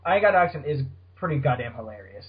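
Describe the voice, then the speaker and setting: A man's voice: medium pitch, sing-song, fast, slightly rough. A man hosting a casual podcast, rambling and laughing often as he talks. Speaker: podcast host. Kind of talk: casual chat. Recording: dull lo-fi podcast audio.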